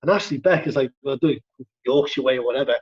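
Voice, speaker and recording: A middle-aged man from Liverpool with a Scouse accent, telling a story in casual chat, animated and fast-talking, punctuating lines with "right?". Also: mid-range voice, slightly rough, highs cut off. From Liverpool, England. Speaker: stunt coordinator guest.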